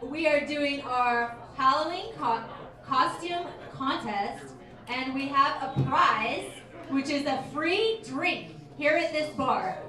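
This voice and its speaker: Lady hosting a costume contest at a bar, high voice, kinda far off and echoey. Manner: upbeat emcee patter. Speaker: co-host.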